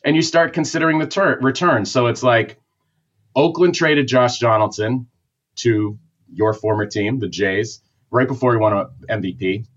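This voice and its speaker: A man's voice: medium pitch, normal speed, a bit bright. Man, Boston accent, opinionated rambling rant, dull lo-fi sound. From Massachusetts. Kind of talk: casual sports talk.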